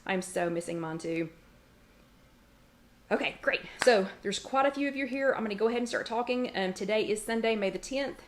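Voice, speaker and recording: A middle-aged woman with a brisk, mid-range voice runs a relaxed weight-loss support livestream from her kitchen, with slight background noise. She chats as she welcomes viewers by name and reads out their comments, breaking off now and then to tell off her dog.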